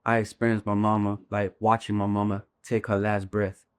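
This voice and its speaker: A man's voice: fairly low pitch, monotone, normal speed, smooth. A man, a bare-knuckle fighter, earnestly recounting a painful memory as a podcast guest, often checking in with his listener. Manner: earnest, urgent retelling, often checks in with "you feel me". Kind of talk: personal storytelling in a podcast interview.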